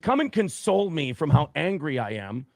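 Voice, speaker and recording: A man recounting a story with lots of swearing and emphasis. His voice is gravelly and fairly high, swinging widely in pitch, and the sound is dry and close. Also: sing-song, normal speed, a little mellow, no room sound. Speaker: guest telling a personal story. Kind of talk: recounted anecdote.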